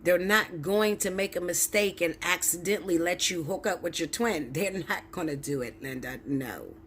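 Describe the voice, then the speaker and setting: A woman's voice: fairly low pitch, moderate pace, fairly bright tone, slight background noise. Blunt, profane woman tarot reader. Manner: blunt, profane, emphatic, preachy. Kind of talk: ranting direct-to-camera monologue.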